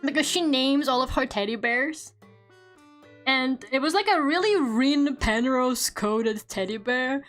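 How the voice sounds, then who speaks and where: A woman's voice: high voice, unhurried, fairly bright tone, soft background music. A woman streamer chatting casually while she draws, rambling, swearing often and laughing a lot, at a home desk microphone.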